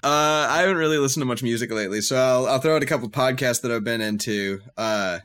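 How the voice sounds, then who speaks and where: A man's voice: medium pitch, quick pace, a bit bright, clear, resonant tone. A man co-hosting a podcast, describing things eagerly in casual chat with many "uh"s and "like"s. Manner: enthusiastic, filler-heavy storytelling. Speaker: podcast co-host.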